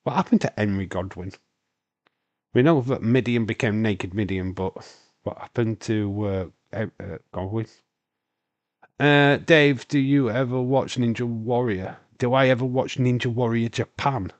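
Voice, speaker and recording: A man's voice: medium pitch, a little slow, dry recording, lo-fi sound. A man with a Yorkshire accent hosting a casual wrestling watch-along stream, rambling on and answering chat questions with lots of fillers.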